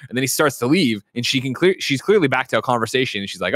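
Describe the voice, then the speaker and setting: A man co-hosting a casual podcast, retelling movie scenes and acting out the characters' lines in quick voices. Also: medium pitch, animated, fairly bright tone, no room sound, clean studio sound. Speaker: podcast co-host.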